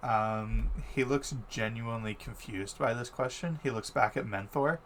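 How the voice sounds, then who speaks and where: A man narrating as game master of a tabletop game, unhurried and hesitant, with many fillers. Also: medium pitch, a bit bright, slight background noise.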